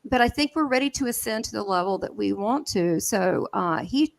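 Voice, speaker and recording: A woman with a Southern American drawl tells her stories in a lively, animated way, laughing often and acting out the dialogue. Her voice sits at a middling pitch, and the recording is dry and close with almost no room sound. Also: moderate pace, gravelly, no room sound. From southern United States. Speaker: guest medium. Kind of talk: animated storytelling in an interview.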